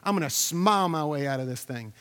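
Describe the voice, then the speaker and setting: A man's voice: on the high side, expressive, fast talker, fairly bright tone, big-room sound. A man preaching a sermon as a pastor, talking in a conversational, storytelling way, repeating himself and putting questions to the congregation.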